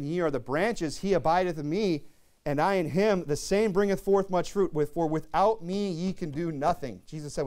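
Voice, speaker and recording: A man's voice: medium pitch, darkish tone. A young man preaching an earnest sermon, reading scripture aloud and often restarting his sentences. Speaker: pastor.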